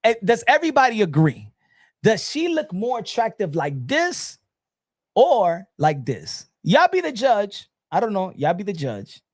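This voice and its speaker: Shrill, shouting New man. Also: huge pitch swings, unhurried, dry recording, clean studio sound. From New York City. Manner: loud, shouty, profane and taunting. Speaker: online commentator. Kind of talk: mocking comedic rant.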